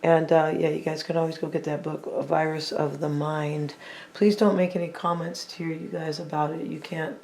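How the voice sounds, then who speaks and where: A tarot reader talking casually to viewers while laying out cards, thinking out loud and often saying what they feel, with playful teasing asides. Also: mid-range voice, flat delivery, moderate pace, gravelly. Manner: chatty, thinking aloud, repeats and hedges with "I feel like".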